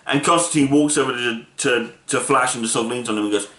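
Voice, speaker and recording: A man's voice: medium pitch, fast talker, hardly any pauses, bright, forceful tone. A man casually reviewing a film, retelling the plot with enthusiastic, rambling energy. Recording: roomy echo.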